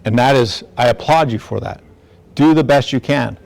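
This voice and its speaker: A man's voice: mid-range voice, moderate pace, vocal fry, darkish tone. A middle-aged man from the district attorney's office giving a community talk to parents, earnest and conversational, often checking in with "right?".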